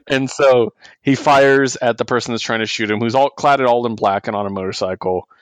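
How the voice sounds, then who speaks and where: A man co-hosting a comic book podcast, retelling a story in a casual, animated way and laughing often. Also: medium pitch, brisk, clear, resonant tone. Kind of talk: casual chat.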